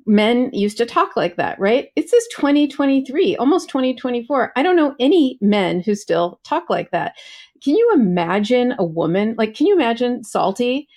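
A woman co-hosting a legal commentary podcast, speaking in an expressive, conversational way. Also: a little high, moderate pace. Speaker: podcast co-host.

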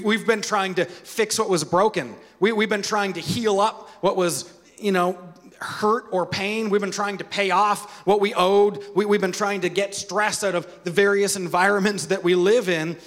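Male pastor, sermon delivery, higher voice, long hall reverb. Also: moderate pace. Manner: storytelling, drops soft and quiet for key points.

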